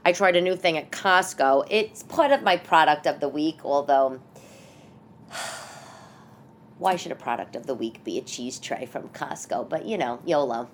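Woman, low voice, New York accent, middle-aged, rambling casual podcast chat. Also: unhurried, a little hiss or hum. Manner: rambling, chatty, self-interrupting. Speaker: podcast host and comedian.

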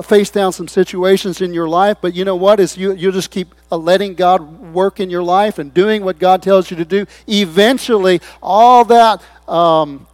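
A pastor preaching a sermon, swinging between loud appeals and hushed, quiet asides, acting out short quoted voices. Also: male voice, sits high, dry recording. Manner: acts out people's voices in short quoted bits.

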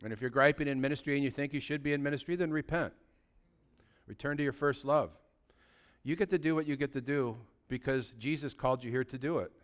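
A man preaching a sermon as pastor, swinging between loud, excited bursts and quiet, low asides. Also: fast talker, clean tone.

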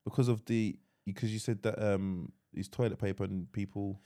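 A man's voice: on the low side, normal speed. A young man co-hosting a podcast, teasing his friend and pushing for details in casual chat. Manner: teasing, animated, pushes for details. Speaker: podcast co-host. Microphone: podcast mic.

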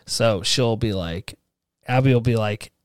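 A man's voice: fairly low pitch, measured pace, clear, resonant tone, dry recording, clean studio sound. A man hosting a horror podcast, telling rambling family stories in casual chat and acting out what his kids said. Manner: rambling storyteller, acts out family quotes. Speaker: podcast host.

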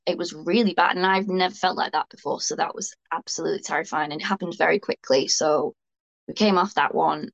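A woman's voice: low voice, steady tone, brisk, gravelly, highs cut off. A young woman, a guest speaking frankly and ramblingly about her own experiences in a candid interview. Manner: frank, rambling, self-deprecating.

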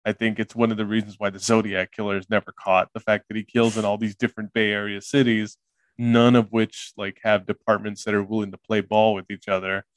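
A man's voice: fairly low pitch, level tone, brisk, no echo. A man co-hosting a podcast, chatting casually and laughing along about a movie. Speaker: podcast co-host. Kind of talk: casual chat.

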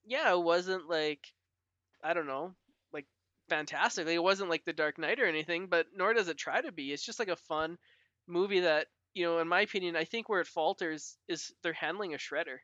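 A chatty man co-hosting a podcast, his voice bright and forward. He leans hard on "like" fillers and laughs easily. The sound is dry and a little dull, as from a modest home mic. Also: on the high side, moderate pace, no room sound. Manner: chatty, heavy use of "like" fillers, laughs often. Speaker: podcast co-host. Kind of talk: casual chat.

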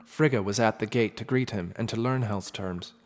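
A man narrating a myth in a measured, dramatic storytelling manner. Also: lowish voice. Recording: long reverb with faint music.

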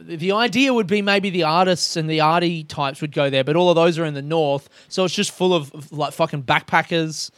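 Brief: young man, stand-up comic type, rambling self-mocking anecdote, higher voice, smooth and dry. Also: fairly quick, few pauses, dry recording. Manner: rambling, self-mocking, swears a lot, acts out dialogue. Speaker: stand-up comedian, podcast host. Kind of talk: casual storytelling monologue.

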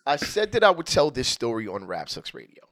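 A man co-hosting a podcast, telling a comic story in a casual, animated way. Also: medium pitch, a little fast. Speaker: podcast co-host. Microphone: headphones and studio microphone.

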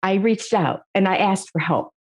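A woman's voice: medium pitch, expressive, moderate pace, husky. Earnest middle-aged woman telling her story. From United States. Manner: earnest, emotional storytelling with laughs. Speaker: guest. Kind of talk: personal faith testimony.

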